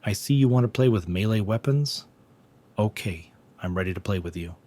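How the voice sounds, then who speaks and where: A cocky young hero fighter, calm and teasing in a story recap, read by a man in his own low voice. The tone stays level, with almost nothing acted. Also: moderate pace. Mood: confident.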